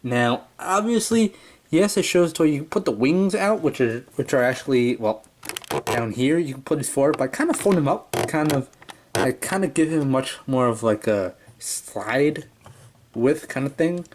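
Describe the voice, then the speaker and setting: A man's voice: mid-range voice, lively intonation, moderate pace, a little hiss or hum. A man casually reviewing a toy, rambling with lots of fillers and restarts. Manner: rambling, full of "yeah" and "kinda".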